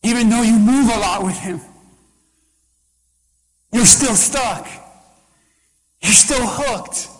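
A man's voice: very high voice, slow, long pauses, in a large hall, rough recording. A man preaching a sermon as pastor, in an impassioned, repetitive preaching cadence.

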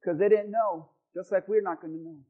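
A man preaching a sermon to his church, swinging between loud shouted pleas and quiet asides. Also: high-pitched, fairly even intonation, fairly quick, phone-quality sound. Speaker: pastor. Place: church hall with congregation.

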